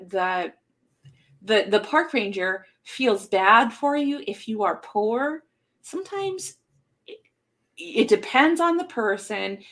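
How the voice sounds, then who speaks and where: A woman co-hosting a live podcast, telling stories in a rambling, casual way with lots of fillers. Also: medium pitch. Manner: rambling, filler-heavy storytelling. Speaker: podcast co-host. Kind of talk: casual live-stream chat.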